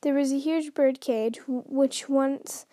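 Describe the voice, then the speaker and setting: High-voiced woman reading a story aloud. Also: steady tone, slow pace, dark tone, no echo. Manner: stumbles and restarts often while reading. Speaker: podcast host reading a book aloud. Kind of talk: unrehearsed read-aloud narration.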